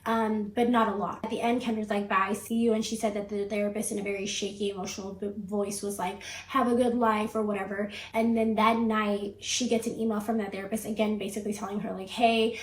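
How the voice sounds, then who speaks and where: A woman's voice: medium pitch, level tone, fast, hardly any pauses, roomy sound, low-quality recording. A woman host retelling a story in casual commentary, chatty and peppered with "like" as she acts out what people said.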